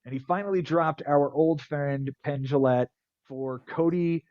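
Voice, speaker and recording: A man's voice: a little high, unhurried, darkish tone, dry recording, highs cut off. A man hosting a podcast who casually rattles off fantasy baseball stats and cracks jokes. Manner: rattles off stat lines, wisecracking. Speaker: podcast host.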